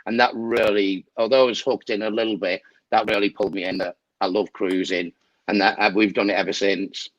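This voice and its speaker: A man's voice: on the low side, flat delivery, brisk, dry recording, dull audio. A man chatting casually as a guest on a video call, laughing often. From England. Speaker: guest travel agent.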